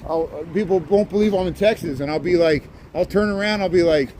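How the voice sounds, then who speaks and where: A chatty man hosts a livestream as he walks a city street at night, thanking viewers by name and laughing easily. His voice sits a little high for a man. Wind buffets the phone mic, and clear street noise runs behind him. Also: a little fast, warm tone, low-quality recording. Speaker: livestream host. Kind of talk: casual livestream chat while walking.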